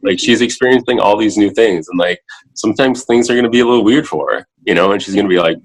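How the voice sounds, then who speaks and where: A man in his thirties with a very low voice talks as a podcast guest. His speech is halting and full of filler words. When he repeats what he once said, he turns lively. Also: poor audio. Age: 30s. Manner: halting, heavy with filler words, animated when quoting himself. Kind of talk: casual interview talk. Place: home, in a child's room.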